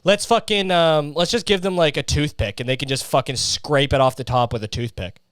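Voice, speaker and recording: A man's voice: a little high, brisk, a bit bright, smooth, no room sound, studio quality. A young man hosting a solo comedy podcast, ranting profanely and acting out voices while sweating in a heatwave. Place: his hot bedroom.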